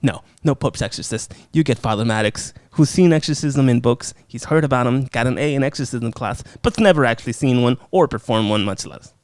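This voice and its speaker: A man hosting a podcast, casually reviewing a horror film in a profane, animated way and acting out scenes. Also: medium pitch, brisk, hardly any pauses, dry recording, clean studio sound.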